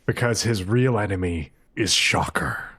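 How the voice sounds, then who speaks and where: A man co-hosting a podcast who recaps an anime episode in a deadpan, casually profane way. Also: on the low side, a little slow, husky. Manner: retells plot deadpan with frequent swearing. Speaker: podcast co-host.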